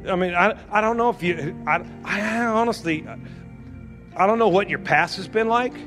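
A man's voice: high voice, lively intonation, a little slow, long pauses. A man in his fifties preaching a sermon, urging the congregation on with fervent, repetitive exhortations and direct asides to listeners, over faint music. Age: 50s. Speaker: pastor. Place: church sanctuary.

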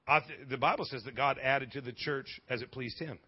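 A man preaching a lively sermon in a church, joking with the congregation and restarting his sentences often. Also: mid-range voice, a little fast, breathy edge, highs cut off. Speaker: pastor. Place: church sanctuary.

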